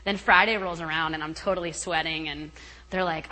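A woman's voice: lowish voice, brisk, pushed and bright, poor audio. A middle-aged woman giving a chatty, laughing retreat talk, acting out the voices of others as she tells a story. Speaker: guest speaker at a retreat.

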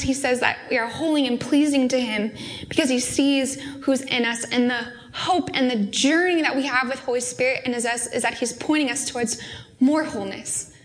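A young adult woman speaking at a student fellowship, giving an earnest, heartfelt sermon in a casual, conversational way. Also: high-pitched. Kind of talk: conversational sermon with a personal story.

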